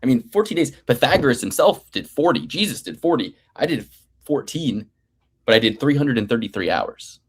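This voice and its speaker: A man's voice: medium pitch, sing-song, brisk, slightly rough. Profane rambling man in his thirties. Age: 30s. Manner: rambling, profane, playfully grandiose. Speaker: betting picks show host. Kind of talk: casual podcast banter.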